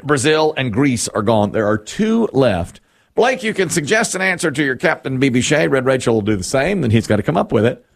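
A man hosting a quiz game, reading answers and joking with the players. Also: mid-range voice. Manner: lively, joking, animated. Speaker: game show host.

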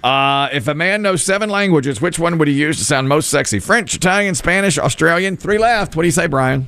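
A man hosting a game on a radio show, with quick announcer patter and the question repeated again and again. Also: on the high side, expressive, fairly bright tone, smooth, no room sound.

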